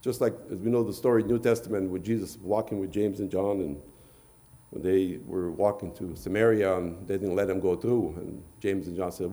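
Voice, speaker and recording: A man's voice: deep voice, fairly even intonation, a little fast, mellow. A man preaching a sermon, retelling scripture in archaic phrasing and often repeating words.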